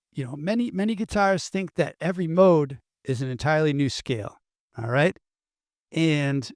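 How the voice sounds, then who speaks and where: A man's voice: fairly high pitch, dry recording. Chatty man teaching guitar, dry close sound. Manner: chatty, loose, full of fillers and asides. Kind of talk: casual guitar lesson.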